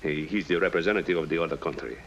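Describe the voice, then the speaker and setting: A formal government deputy with a very deep, grave voice and courteous, measured phrasing. The sound is muffled and carries a faint hiss. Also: male voice, a bit bright. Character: grave, formal second-in-command official, middle-aged man. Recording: dull, faintly noisy old TV sound.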